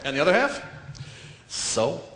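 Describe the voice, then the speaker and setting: Performing stand-up for a live audience, this comedian talks briskly in a high, bright, energetic voice and jumps into silly characters. Crowd noise and faint background sound come through the echoey recording.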